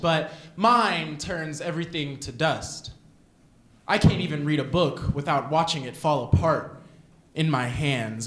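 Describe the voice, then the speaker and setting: A young man, a student poet, performing spoken word poetry with dramatic shifts of pace and pitch. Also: fairly bright tone. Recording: echoey room.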